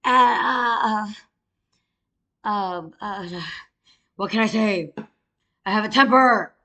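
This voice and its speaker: A woman's voice: mid-range voice, takes it slowly, pushed and bright, roomy sound. A woman telling a rambling, profane story in a casual way, with many fillers.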